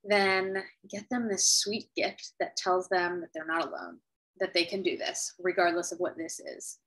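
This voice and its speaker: A woman speaking as an author, telling a heartfelt personal story to camera over a video call, earnest and unhurried with thoughtful pauses. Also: fairly low pitch, fairly even intonation, fairly bright tone, low-quality recording. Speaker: author sharing her story.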